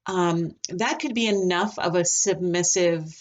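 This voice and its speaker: A woman teaching a recorded lesson on dog behavior, talking in a relaxed, chatty way with frequent ums. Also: lowish voice, a little slow. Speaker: dog trainer.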